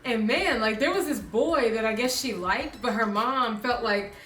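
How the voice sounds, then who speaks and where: A woman with a high, bright voice tells a chatty, laughing story as a co-host, putting on other people's voices as she goes. She sounds a bit away from the mic in an echoey room, with quiet music under her. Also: normal speed, recorded from a distance. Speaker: reaction channel co-host. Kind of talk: casual storytelling chat.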